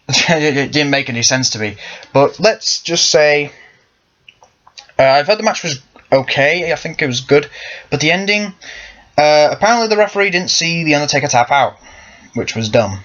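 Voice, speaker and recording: This wrestling fan vlogger is a young man whose voice sits on the high side and sounds fairly bright, moving at a moderate pace. His commentary wanders loosely, full of self-corrections, over muffled lo-fi audio.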